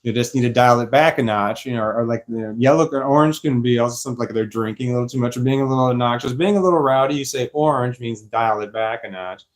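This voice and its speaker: A man's voice: medium pitch, fast, few pauses. A man rambling casually to camera, swearing freely and laughing now and then. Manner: rambling, profane, laughs often. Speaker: vlogger.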